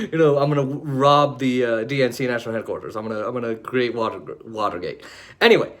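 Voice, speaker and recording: A man's voice: mid-range voice, quick pace. A man hosting a political podcast, talking bluntly and mockingly in a loose monologue full of fillers and restarts. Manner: blunt, mocking, rising to heated anger. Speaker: podcast host.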